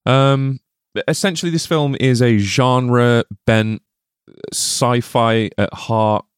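A man's voice: mid-range voice, steady tone, slow, clean tone, dry recording, clean studio sound. A man co-hosting a film podcast, playful and jokey, often laughing as he talks. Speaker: podcast co-host. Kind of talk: casual film discussion.

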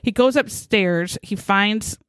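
A woman's voice: mid-range voice, slow pace, fairly bright tone, dry recording, clean studio sound. A woman co-hosting a podcast, chatting casually as she retells a true crime case and acts out the quotes. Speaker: podcast co-host.

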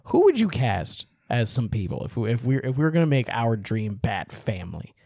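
A man's voice: medium pitch, wildly swooping pitch, moderate pace, vocal fry, warm tone, no echo, clean studio sound. A man co-hosting a casual chat, laid-back and jokey, agreeable with his partner. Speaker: podcast co-host.

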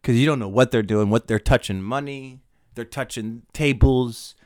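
A man's voice: medium pitch, moderate pace, dry recording, studio quality. A man co-hosting a podcast, arguing casually, swearing and trailing off into mumbles. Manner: argumentative, swears, trails off quietly. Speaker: podcast co-host. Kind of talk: casual chat.

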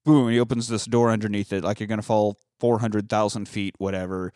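A man's voice: fairly low pitch, little pitch movement, fairly quick, hardly any pauses, darkish tone, dry recording, clean studio sound. A man casually recapping a movie with a friend, rambling and swearing freely, breaking into quoted lines. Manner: rambling, profane, quotes lines in silly voices. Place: lives in Austin.

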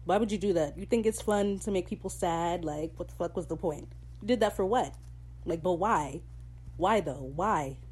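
Woman with a mellow voice, excitable recap. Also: fairly low pitch, moderate pace, breathy edge. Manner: animated, gushing and swearing, with sudden excited outbursts. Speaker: podcast host. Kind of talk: casual episode recap.

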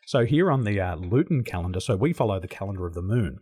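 A middle-aged Australian man telling stories as an interview guest, animated and laughing often. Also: low-pitched, quick pace. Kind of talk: casual interview storytelling.

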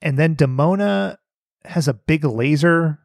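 A man co-hosting a podcast, recapping a cartoon episode in animated, joking chat, swearing and laughing often. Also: fairly high pitch, measured pace, vocal fry, dry recording, studio quality. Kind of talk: casual comedic chat.

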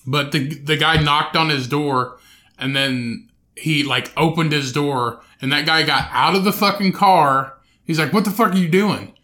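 A man's voice: fairly high pitch, a little slow. A man co-hosting a casual podcast, ranting with lots of swearing and acting out the people he describes. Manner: profane, ranting, acts out quoted people loudly. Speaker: podcast co-host.

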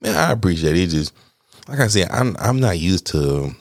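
A man hosting his own podcast in a casual, candid, rambling way, laughing between phrases, swearing freely and poking fun at himself, with a deep voice that people praise as made for radio. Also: lively intonation, normal speed, gravelly, dry recording, clean studio sound. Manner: candid, rambling, self-deprecating. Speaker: podcast host. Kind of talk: casual solo podcast chat.

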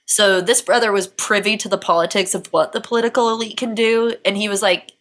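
Bright-voiced, profane woman host. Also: mid-range voice, a little fast, hardly any pauses. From United States. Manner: profane, animated, sarcastic. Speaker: podcast host. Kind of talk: comedic true-crime storytelling.

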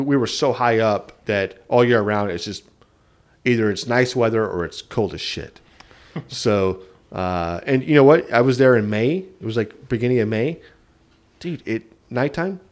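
A man co-hosting a casual podcast, telling stories in an animated way and laughing partway through his sentences. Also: mid-range voice. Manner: animated storyteller who laughs mid-sentence. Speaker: podcast co-host. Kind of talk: casual chat.

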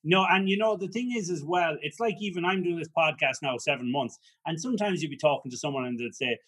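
Husky high-voiced man hosting. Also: quick pace, hardly any pauses, a bit bright. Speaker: podcast host. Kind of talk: casual chat.

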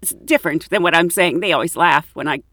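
A woman who is a flight attendant and podcast host, telling travel stories in a lively way and acting out the voices of people in them. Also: on the low side, fast talker, no room sound, clean studio sound. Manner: animated, acts out quoted voices with laughs. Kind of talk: casual anecdotal storytelling.

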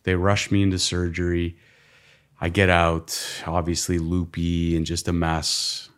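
Deep-voiced man telling a blunt story. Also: monotone, unhurried, clean tone. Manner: blunt, swears often, replays his own words and others' in quotes. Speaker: podcast guest. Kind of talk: candid personal storytelling.

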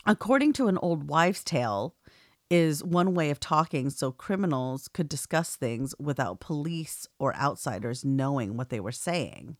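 A woman co-hosting a podcast who reads listener emails aloud in a plain, steady way and laughs often. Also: low voice, unhurried, no room sound, clean studio sound. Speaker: podcast co-host.

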